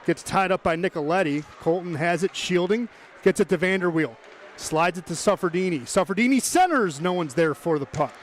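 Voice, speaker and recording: Higher-ish guy calling a hockey game fast and chatty, a bit of faint arena noise. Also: steady tone. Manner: brisk, chatty, joking asides with the chat. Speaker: play-by-play commentator. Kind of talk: live hockey play-by-play.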